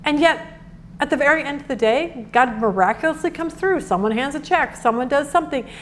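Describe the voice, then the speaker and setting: Middle-aged woman, high voice, earnest devotional teacher, faint hiss behind her. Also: a little fast. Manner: earnest, animated, acts out quotes. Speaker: Bible study teacher.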